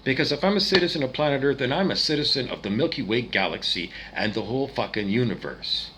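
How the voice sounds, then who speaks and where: A man's voice: on the low side, a bit bright, slight background noise, poor audio. Profane, agitated ranting man. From Canada. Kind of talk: angry rant monologue.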